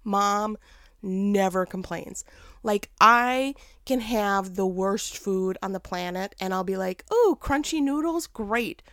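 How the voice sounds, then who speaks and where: Animated woman telling a story. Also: medium pitch, slow pace, no room sound, clean studio sound. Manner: animated, laughs often, acts out quotes in varied voices. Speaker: mother telling a personal story. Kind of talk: casual storytelling with a life lesson.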